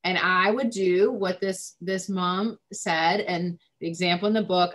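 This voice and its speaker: Woman therapist with a low-pitched voice, relaxed chatty delivery full of fillers. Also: unhurried, hardly any pauses. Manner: informal, many fillers like "um" and "like". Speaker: family therapist. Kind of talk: casual explanatory chat.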